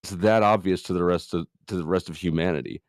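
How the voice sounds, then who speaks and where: A middle-aged man on a livestream, arguing his opinions in a casual debate. His voice sits a bit low and he pushes his points insistently. The recording is dry and close. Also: quick pace, smooth, no echo. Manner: argumentative, opinionated. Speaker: stream guest.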